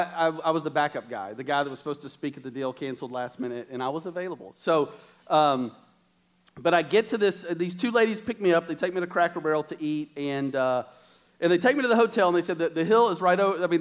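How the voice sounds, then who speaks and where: Man, high voice, a preacher telling lively stories from the pulpit. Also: quick pace. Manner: animated storytelling with quoted asides. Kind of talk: sermon with storytelling. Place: church.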